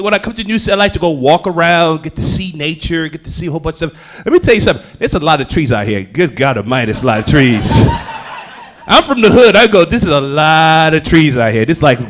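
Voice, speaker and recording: Animated high-voiced comedian. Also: male voice, quick pace, a little hiss or hum. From Houston, Texas. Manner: animated storytelling with acted-out voices. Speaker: stand-up comedian. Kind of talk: stand-up comedy set. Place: comedy club stage with a live audience.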